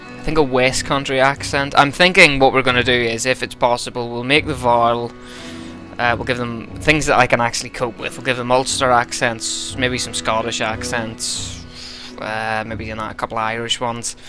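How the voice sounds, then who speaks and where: A man's voice: mid-range voice, little pitch movement, normal speed, over music. Brief: jokey, slightly drunk male game narrator, rambling asides. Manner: joking, rambling. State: tipsy. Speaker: let's-play narrator.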